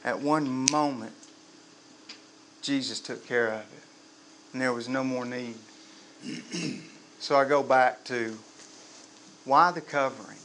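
A man preaching a sermon to a live congregation, lively and humorous, quizzing the crowd. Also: medium pitch, slow, pauses often, a little hiss or hum. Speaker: pastor.

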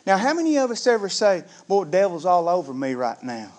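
Animated man preaching a sermon. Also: high-pitched, a little fast. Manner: animated, conversational preaching, addresses the congregation as "gang". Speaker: pastor.

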